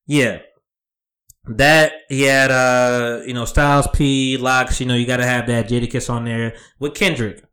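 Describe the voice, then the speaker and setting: A man co-hosting a podcast in casual chat, animated and profane, often acting out quotes. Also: mid-range voice, measured pace. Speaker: podcast co-host.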